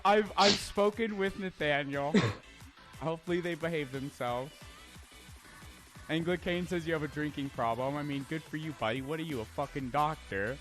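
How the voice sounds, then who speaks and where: A man's voice: on the high side, fairly bright tone. Brash stammering male streamer. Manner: brash, profane, stammering restarts, reading chat aloud. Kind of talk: casual live-stream chat.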